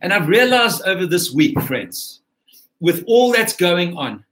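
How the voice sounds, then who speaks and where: A man's voice: sits high, big pitch swings, a little slow, fairly bright tone. A man preaching a sermon in an earnest, repetitive way, calling his listeners friends. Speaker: pastor.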